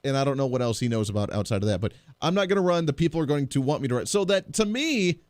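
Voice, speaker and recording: A man's voice: mid-range voice, sing-song, fast, a little mellow, no echo, studio quality. Chatty, slightly congested male radio host. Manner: chatty, jokey, lots of restarts. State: a little congested. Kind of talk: talk radio monologue. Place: radio studio.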